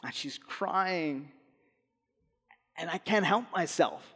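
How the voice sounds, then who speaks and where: Young male pastor, fairly high voice, earnest sermon delivery, long hall reverb. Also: expressive, husky. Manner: earnest, slow and soft on key phrases. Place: church hall.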